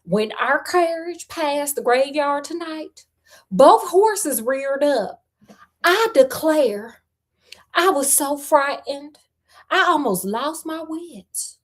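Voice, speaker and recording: Fearful young belle, breathy and high, read by a woman, slow and drawn out. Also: expressive. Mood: frightened.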